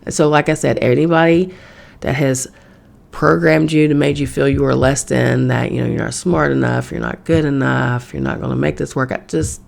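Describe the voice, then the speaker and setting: A woman podcast host with a gravelly edge to her voice, speaking in a casual spiritual monologue. She talks bluntly and swears freely, like she's chatting with friends from her home. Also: extremely low pitch, steady tone, moderate pace, darkish tone. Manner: blunt, profane, conversational. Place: home in New York.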